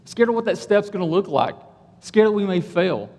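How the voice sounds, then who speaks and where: Man preaching through a personal anecdote, lively pitch, echoing hall. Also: normal speed. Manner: animated, conversational, keeps asking "right?". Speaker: police officer and church speaker. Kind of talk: sermon storytelling.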